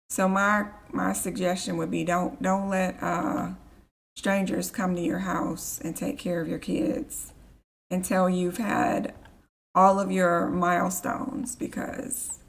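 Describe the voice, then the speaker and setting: A woman chatting casually while live-streaming a game, rambling and easily annoyed, with a rough morning voice. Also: fairly low pitch, flat delivery, slow pace. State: morning voice, just woke up.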